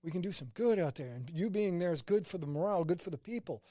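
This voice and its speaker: A man's voice: high-pitched, fast talker, no echo, studio quality. A man from St. Louis, a former combat medic, telling stories in a casual interview and quoting people along the way. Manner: animated anecdotes, quoting others in dialogue.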